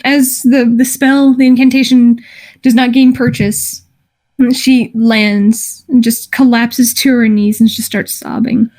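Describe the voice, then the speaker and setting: A woman narrating a tabletop game as game master, in a descriptive, halting way with frequent restarts. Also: fairly high pitch, little pitch movement, a little mellow.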